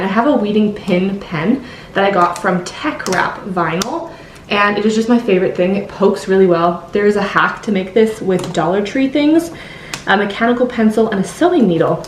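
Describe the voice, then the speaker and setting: Friendly woman host talking viewers through a craft project, steady mid voice, roomy echo with a faint hum. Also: medium pitch. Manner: chatty, friendly, recommends products. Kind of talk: casual step-by-step tutorial voice-over.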